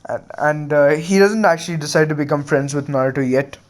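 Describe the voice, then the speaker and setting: A young man improvising a fan story, halting and full of filler words and restarts. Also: a little high. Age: young adult.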